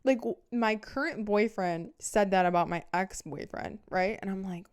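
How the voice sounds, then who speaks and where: Smooth-voiced young woman telling a candid story. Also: medium pitch, steady tone, moderate pace, darkish tone. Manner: candid, swears freely, dramatic retelling. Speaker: podcast host. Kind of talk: casual storytime.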